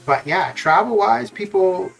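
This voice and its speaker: A man's voice: high-pitched, expressive, a little slow, gravelly, a bit bright, faint music behind. A man chatting casually while streaming a game, rambling with lots of fillers and restarts. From Canada. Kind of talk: casual chat while gaming live.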